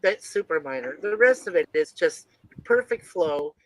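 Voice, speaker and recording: A man's voice: fairly high pitch, animated, normal speed, crowd noise, rough recording. A man on a casual movie review panel, enthusiastic and emphatic in his praise.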